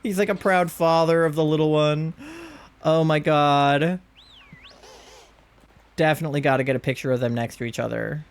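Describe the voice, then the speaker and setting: Young male streamer, excitable and gushing, slightly high and smooth voice, casual live commentary. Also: moderate pace, long pauses. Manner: gushing, excitable, coos at cute creatures.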